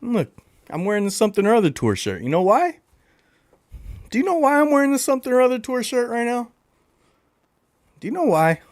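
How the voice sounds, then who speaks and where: A man hosting a casual livestream chat, talking to his viewers in a playful, animated way. He blows kisses into the mic, repeats lines for emphasis and refers to himself in the third person. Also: very high-pitched, fairly quick, pauses often, no echo, clean studio sound. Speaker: livestream host.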